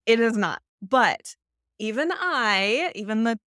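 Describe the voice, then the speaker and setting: A woman guesting on a podcast, an agency owner telling candid stories about her business in a lively, conversational way. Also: on the high side, slow pace, clean tone, dry recording, clean studio sound. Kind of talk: casual conversation.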